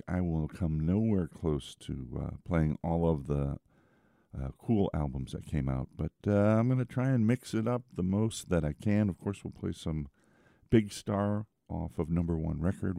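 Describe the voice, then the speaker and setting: A middle-aged man hosting a radio music show, talking in a laid-back, chatty way with lots of small pauses. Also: sits low, creaky, warm tone, no room sound, studio quality. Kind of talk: casual radio show patter.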